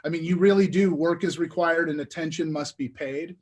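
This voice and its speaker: A man, a real estate investor, telling his story in a casual interview, animated and full of restarts. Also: on the high side, brisk. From Detroit area. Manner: animated, lots of restarts and filler.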